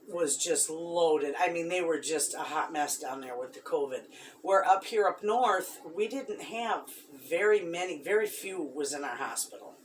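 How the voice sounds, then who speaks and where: A middle-aged woman, chatting to her viewers in a halting, somber way with many restarts. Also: on the low side, distant mic, slight background noise. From Michigan. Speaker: homestead vlogger. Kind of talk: casual chat to viewers.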